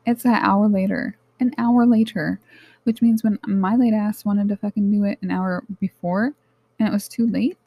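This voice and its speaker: A young woman hosting her own podcast, speaking in a candid, animated, casual monologue that often turns to swearing. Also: mid-range voice, normal speed, low-quality recording. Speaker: podcast host.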